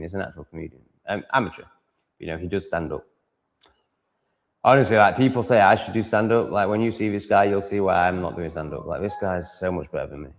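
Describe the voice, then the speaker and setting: A chatty livestream host from Yorkshire, England, rambles through a casual monologue, often interrupting himself. He has a low voice. The room he's in is reverberant.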